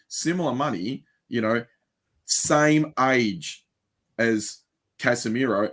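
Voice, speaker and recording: A man's voice: medium pitch, slow pace. A man co-hosting a casual football podcast chat, arguing his case and mocking a pundit's words in imitation. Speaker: podcast co-host.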